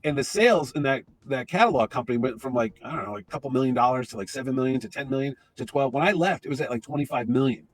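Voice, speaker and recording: A man in his fifties tells a story at a rapid clip, words tumbling out. His voice sits at a middle pitch and is recorded dry and close, with no room sound around it. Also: dry recording, soft background music. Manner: animated, fast-talking storyteller. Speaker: interview guest. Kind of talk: storytelling anecdote.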